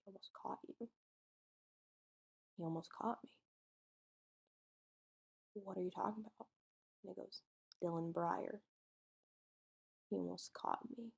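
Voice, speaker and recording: A woman's voice: mid-range voice, measured pace, vocal fry, pauses often, darkish tone, breathy edge. A woman co-hosting a podcast, casually retelling a true-crime case and acting out its dialogue in informal speech. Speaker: podcast co-host telling a case.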